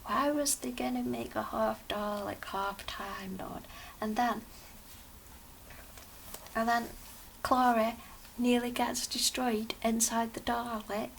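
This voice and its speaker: Woman fan reviewer, casual and excitable, flat-ish pitch, slight background hiss. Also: slow pace, creaky, long pauses. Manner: chatty, excited, rambling with restarts. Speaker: TV episode reviewer.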